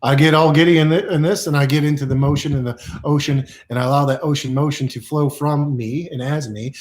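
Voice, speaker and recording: A man's voice: on the high side, a little fast. A man giving playful, repetitive self-help affirmations to camera, exuberant and goofy, laughing often.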